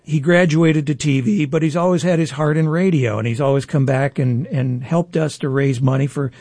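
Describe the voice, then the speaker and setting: A man's voice: on the high side, fairly even intonation, moderate pace, a little mellow, dry recording. A man hosting a morning public radio show, chatting loosely through a pledge drive with restarts and fillers. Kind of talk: pledge drive on-air chat. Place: radio studio. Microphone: studio microphone.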